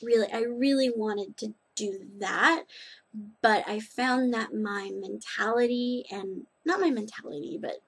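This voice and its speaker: A woman's voice: a little high, unhurried, creaky, breathy edge. A young woman vlogging in a rambling, chatty way, full of restarts and asides. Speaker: knitting and nails vlogger. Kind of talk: casual chat.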